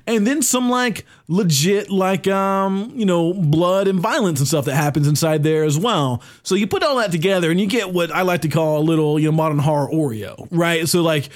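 A man talks loosely as a podcast co-host, stringing thoughts together with plenty of "uh" and casual swearing. His voice sits a bit high for a man, and the delivery stays relaxed and chatty throughout. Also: normal speed, hardly any pauses. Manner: loose, rambling, swears freely, many fillers. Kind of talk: casual chat.

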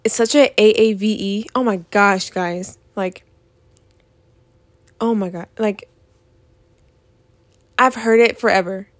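A woman's voice: mid-range voice, slow pace, long pauses, no room sound. A young woman, hosting a podcast in a profane, exasperated rant. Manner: profane, animated, exasperated ranting. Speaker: podcast host. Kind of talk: ranting casual monologue.

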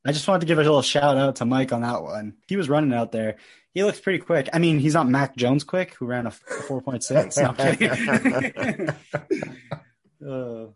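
An animated man co-hosting a casual sports podcast, with a middle-pitched voice. He tells stories with lively swings and laughs often. He drops into quick asides. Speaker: podcast co-host.

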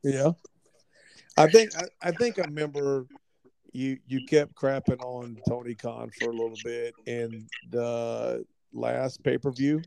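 Gravelly man co-hosting, halting speech. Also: mid-range voice, steady tone, a crowd in the background. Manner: halting, repeats words. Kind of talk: casual chat.

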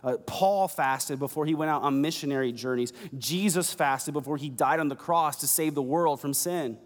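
A man's voice: a little high, normal speed, big-room sound. A man preaching a conversational sermon with joking asides. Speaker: pastor.

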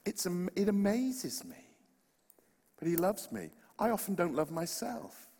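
A man's voice: sits high, sing-song, measured pace, darkish tone, husky. A man with a West Country accent preaching a sermon, earnest and impassioned, with humorous asides. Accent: West Country English. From West Country, England. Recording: long hall reverb.

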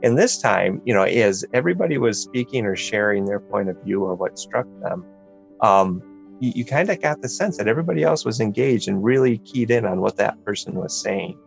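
A man's voice: lowish voice, expressive, brisk, vocal fry, faint music behind. A man, a parent, reflecting on a family discussion in a casual, thoughtful way with many fillers. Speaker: podcast guest, parent. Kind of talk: casual chat.

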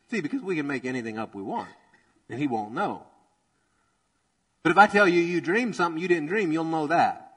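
A man preaching a sermon in a church, energetic and conversational, joking and acting out quotes as he goes. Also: on the high side, brisk, long pauses, low-quality recording. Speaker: pastor.

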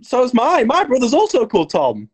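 A man voicing a hot-headed young male warrior with a gruff, quick-tempered way of talking. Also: a little high, lively intonation, darkish tone, close to an everyday voice. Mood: indignant.

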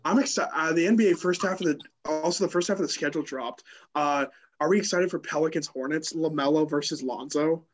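A man co-hosting a casual sports podcast, quick and teasing in his back-and-forth. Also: a little high, rough recording. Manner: quick, teasing, restarts lines.

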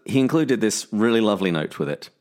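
A man's voice: on the low side, animated, fast, a little mellow. A man co-hosting a podcast in casual chat, making dry jokes. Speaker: podcast co-host.

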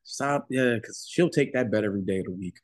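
A man co-hosting a podcast, joking with playful, quick asides in casual banter. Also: on the low side, dry recording, studio quality. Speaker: podcast co-host.

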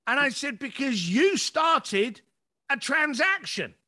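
A man's voice: very high voice, big pitch swings, takes it slowly, sharp tone. A man, a business coach telling stories in a podcast conversation and acting out his clients' lines.

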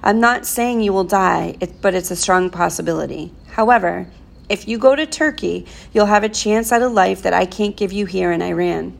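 A woman voicing a calm, deliberate middle-aged father who speaks in a measured, quietly firm way. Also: mid-range voice, creaky.

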